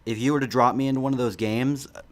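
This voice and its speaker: Young man, mid-pitched voice, casual podcast chat, chuckles a lot, hesitant ums. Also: steady tone, fast. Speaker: podcast co-host.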